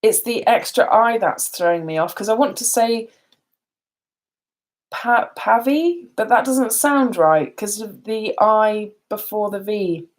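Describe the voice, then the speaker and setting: A woman's voice: mid-range voice, a little slow, hardly any pauses. A tired woman chatting casually on a live stream, rambling and laughing often. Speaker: beauty vlogger.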